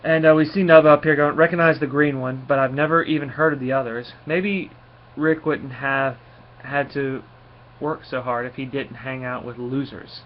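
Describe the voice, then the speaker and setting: A man's voice: medium pitch, steady tone, moderate pace. A man giving a casual spoken review, rambling along with frequent fillers and restarts. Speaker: comic book reviewer. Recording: slightly dull lo-fi recording with faint noise.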